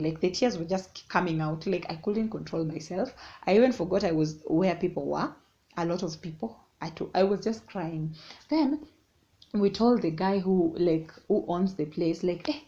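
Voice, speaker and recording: A woman's voice: lowish voice, mellow. A young woman telling a story casually and animatedly, mixing English and Swahili. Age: young adult. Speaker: vlogger. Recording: dull lo-fi sound.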